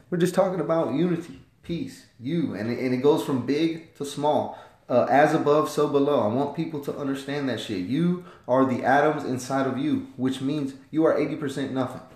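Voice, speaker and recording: Profane, rambling man in a roomy room. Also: medium pitch. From United States. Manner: profane, rambling, emphatic with loud swings. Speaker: podcast host, former Marine. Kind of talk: casual podcast monologue.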